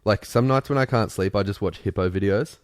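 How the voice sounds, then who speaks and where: A man's voice: on the low side, brisk, no room sound, studio quality. A man co-hosting a podcast, reading a story aloud with joking asides and frequent laughter. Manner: jokey, laughs often, reads with asides. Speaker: podcast co-host.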